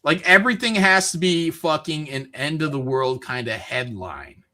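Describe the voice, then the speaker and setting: Man host from Michigan, somewhat high, bright voice, rambling swearing rants in loose chat. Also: moderate pace. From Michigan, USA. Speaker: streamer host. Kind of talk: casual chat.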